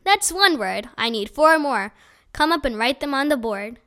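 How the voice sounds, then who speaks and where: A woman reads as a patient male schoolteacher in a storybook, calm and coaxing. His questions come bright and clear, friendly rather than stern. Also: sits high, moderate pace, heavily acted. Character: patient, friendly male third-grade teacher.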